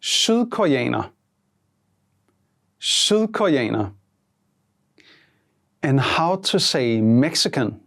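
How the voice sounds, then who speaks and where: A teacher giving a scripted language lesson, prompting in a measured way and repeating each answer twice. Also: medium pitch, sing-song, a bit bright.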